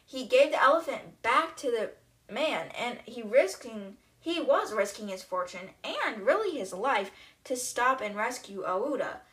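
Bright-voiced woman casually retelling a novel. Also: a little high, expressive, a little slow. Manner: chatty, wry asides. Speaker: podcast host.

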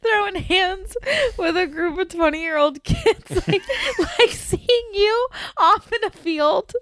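A woman co-hosting a podcast in casual chat, reacting quickly with teasing comments and frequent laughter. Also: very high-pitched, a bit bright, no echo, studio quality. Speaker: podcast co-host.

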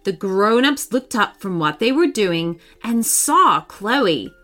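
A woman narrating a children's story in a scripted, expressive way with dramatic pauses. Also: mid-range voice, soft background music.

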